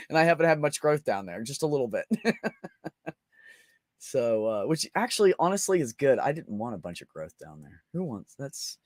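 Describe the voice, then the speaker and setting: A man's voice: medium pitch, sing-song, normal speed, pauses often, no room sound, studio quality. A young man hosting a casual livestream, crude and joking, laughing often as he reads chat. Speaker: livestream host.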